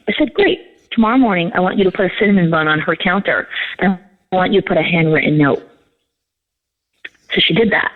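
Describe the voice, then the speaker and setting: A woman's voice: fairly low pitch, quick pace, long pauses. Woman coaching over a tinny line. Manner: animated storytelling, acts out quoted dialogue. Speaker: guest, leadership coach. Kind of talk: interview answers with examples.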